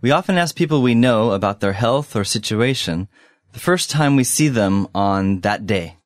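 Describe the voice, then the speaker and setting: Male co-host for an English lesson, lively and expressive, dry close recording. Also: on the low side, no room sound. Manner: clear, deliberate delivery of example phrases. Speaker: English teacher. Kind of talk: scripted language lesson.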